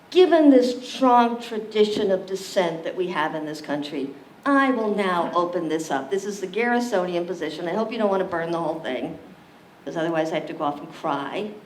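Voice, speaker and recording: A woman leading an interactive community library lecture, joking with the audience and quizzing them. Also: mid-range voice. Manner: animated, jokey, questions the audience. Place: library meeting room. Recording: echoey room, distant mic, faint hiss.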